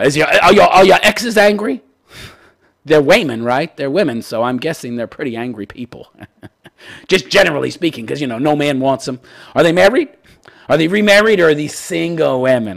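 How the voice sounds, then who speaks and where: A man hosts a call-in commentary show, mocking a listener's letter in a profane, sarcastic rant punctuated by repeated "wait, wait." His voice is fairly high, expressive and creaky, at a moderate pace.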